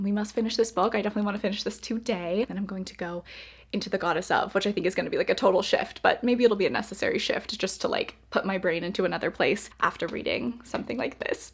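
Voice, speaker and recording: A young woman with a medium-pitched, slightly rough voice chats casually on her reading vlog. She gushes effusively about books, repeating words for emphasis.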